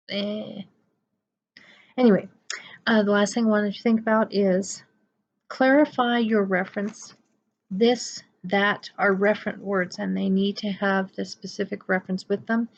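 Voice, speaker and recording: Gravelly-voiced woman lecturing. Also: mid-range voice, highs cut off. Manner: chatty, emphatic, playful asides. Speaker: college writing instructor. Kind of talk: recorded lecture.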